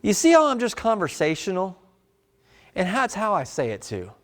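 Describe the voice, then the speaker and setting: Animated man running a sales training. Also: high-pitched, moderate pace. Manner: animated, conversational, drops into customer role-play. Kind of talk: live sales training talk.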